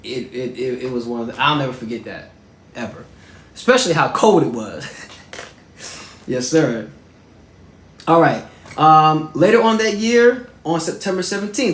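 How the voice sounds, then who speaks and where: A man in his thirties hosting and telling personal stories in a casual, animated way, with lots of shout-outs and fillers. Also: on the high side, reverberant. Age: 30s. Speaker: host.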